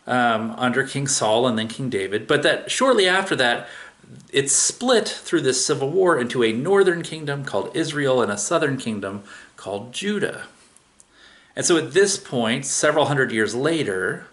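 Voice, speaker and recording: A man's voice: medium pitch, fairly bright tone. A man preaching a sermon, retelling a scripture story in a casual, conversational way with everyday asides. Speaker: pastor.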